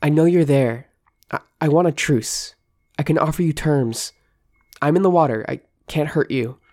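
A woman's voice: extremely low pitch, a little slow, warm tone, no echo, studio quality, exaggerated voice. A woman voicing a weary, desperate female clone of herself in a storybook reading, in a pleading, tired manner.

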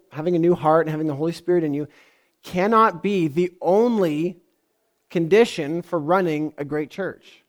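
Speaking as a pastor, a man delivers a sermon that feels like a conversation, regularly turning questions to his listeners. His pitch leans high, and his tone is darkish.

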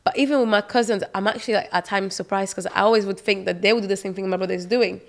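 Young woman, animated, playful storyteller, podcast co-host. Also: medium pitch, very fast, gravelly. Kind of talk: casual chat.

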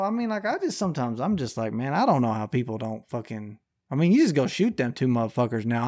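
A man's voice: a little high, a little mellow. Profane ranting man hosting a podcast. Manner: ranting, heavy swearing, Southern-style slang. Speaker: podcast host. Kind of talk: profane news commentary.

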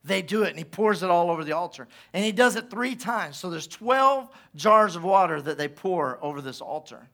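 A male pastor delivers a sermon in a high-pitched voice. His tone is bright and ringing, and he tells the story with lively asides, acting out the characters' lines as he goes. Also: normal speed, creaky, hardly any pauses.

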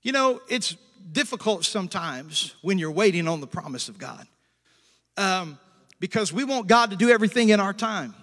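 A man's voice: high-pitched, animated, a bit bright, long reverb tail. A male pastor preaching a sermon, stretching out scripture quotes and calling for amens from the congregation. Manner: preachy call-and-response with amens and hallelujahs; slows down to stress scripture quotes.

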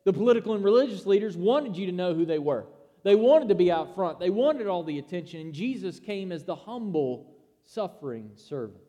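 A man delivers a sermon in a high but mellow voice. He preaches emphatically and poses rhetorical questions to his listeners. The sound carries a long reverb, as in a large hall. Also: lively intonation, a little fast. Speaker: pastor.

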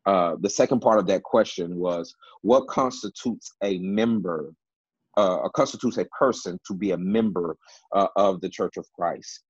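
A man's voice: low-pitched, moderate pace, slightly rough, no room sound, highs cut off. A man teaching from the Bible in a panel discussion, emphatic and repeating key words, with many fillers.

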